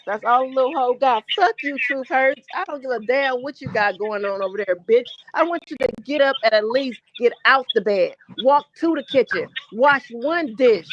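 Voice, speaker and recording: A woman's voice: high voice, expressive, moderate pace, few pauses, dry recording, lo-fi sound. A woman co-hosting a livestream, ranting bluntly and with heavy profanity. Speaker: livestream co-host. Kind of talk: heated live-stream commentary.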